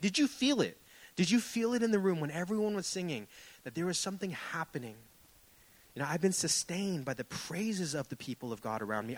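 Young man, pastor, impassioned sermon, church sanctuary, slightly high voice. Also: low-quality recording. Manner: impassioned, rising and falling in emphasis.

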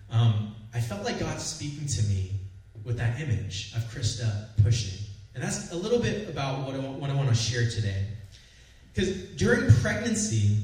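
Young male pastor, animated sermon storytelling, very echoey room. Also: a little high, recorded from a distance. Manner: lively storytelling, builds to loud peaks.

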